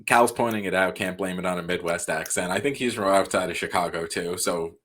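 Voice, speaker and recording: Low-voiced easygoing podcast host. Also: male voice, a little fast, fairly bright tone. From Long Island. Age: 30s. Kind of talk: casual podcast chat.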